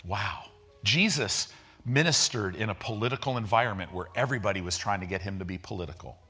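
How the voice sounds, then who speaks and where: A man's voice: lowish voice, a little fast, sharp tone, husky. A man preaching a sermon as a pastor, talking in a conversational way with slang and vivid retellings.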